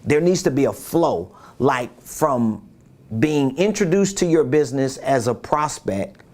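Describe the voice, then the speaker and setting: A man's voice: medium pitch, animated, a little slow, a little mellow. A man giving a casual business coaching talk, repeating his points and asking rhetorical questions.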